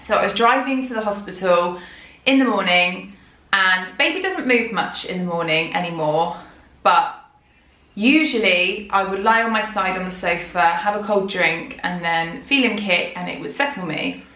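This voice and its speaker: A woman's voice: medium pitch, moderate pace, pushed and bright. A heavily pregnant woman, candidly talking a vlog audience through her worries in a rambling, chatty way. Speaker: vlogger. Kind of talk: chatty personal storytelling. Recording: roomy echo.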